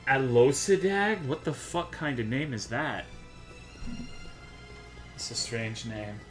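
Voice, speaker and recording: A man's voice: medium pitch, slow pace, music in the background. A man streaming a game, ranting to his chat in a worked-up, profane way. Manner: profane, worked-up, swears constantly.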